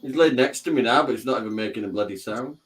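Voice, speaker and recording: A man's voice: medium pitch, fast, far from the mic. A man chatting casually on a video call, teasing the others. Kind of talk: casual chat.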